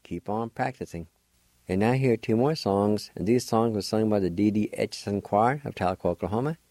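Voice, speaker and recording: A man hosting a radio language lesson, patiently spelling words out letter by letter and sounding out syllables slowly, repeating each one. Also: fairly low pitch, warm tone, no echo.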